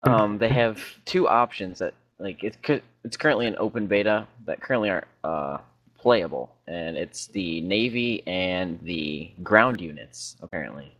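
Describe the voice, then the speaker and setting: A man's voice: sits low, animated, moderate pace, a bit bright. A man co-hosting a podcast, talking casually and rambling with hesitant fillers. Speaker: podcast co-host. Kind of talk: casual chat.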